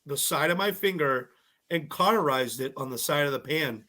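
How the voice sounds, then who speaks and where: Bright, animated young man telling stories. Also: on the high side, normal speed. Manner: animated, acts out quotes of others, laughs often. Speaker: podcast guest, cooking show contestant. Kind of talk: casual storytelling chat.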